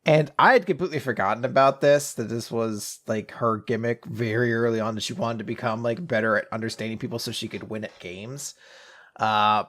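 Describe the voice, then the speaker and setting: A man's voice: medium pitch, fairly quick, fairly bright tone. A man hosting a podcast, casually recapping comics, swearing and jumping into quoted voices. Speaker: podcast host.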